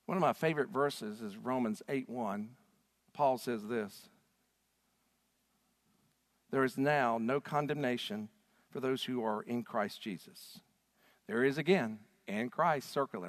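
A man preaching a sermon as a pastor, swinging from hushed lines to loud call-and-response with the congregation. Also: medium pitch, long reverb tail.

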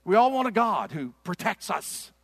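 A middle-aged man preaching a sermon in a church. His delivery is impassioned and swings from loud to hushed. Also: sits high, big pitch swings, moderate pace, vocal fry, dry recording, studio quality. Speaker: pastor. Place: church sanctuary.

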